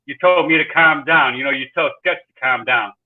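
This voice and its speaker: A man's voice: on the high side, brisk. A man chatting as a guest on a livestream, stammering and apologetic. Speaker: stream guest. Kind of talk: casual call-in chat. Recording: tinny phone-like call line.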